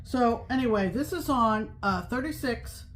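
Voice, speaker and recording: A woman's voice: a little high, animated, unhurried. A woman co-hosting a casual crafting podcast, talking in a rambling way with frequent ums and restarts. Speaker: podcast co-host. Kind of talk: casual chat about cross-stitch.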